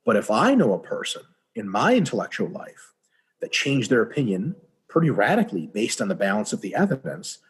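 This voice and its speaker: Husky, animated man swearing freely. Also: lowish voice. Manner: profane, animated, acts out dialogue in quick voices. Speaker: podcast guest. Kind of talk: casual podcast conversation.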